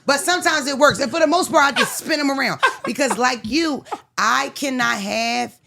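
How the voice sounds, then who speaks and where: A woman with a raspy voice hosting a podcast, telling brash comic stories in casual chat. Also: high-pitched, moderate pace, bright, forceful tone, a little hiss or hum. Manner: brash storytelling with impressions. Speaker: podcast host.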